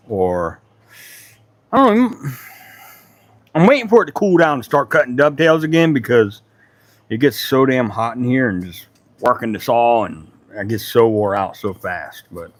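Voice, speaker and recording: A man's voice: medium pitch, no room sound. A middle-aged man hosting a woodworking livestream from his home workshop. He chats casually and rambles, greeting viewers by name. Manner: laid-back, rambling, talks to chat by name.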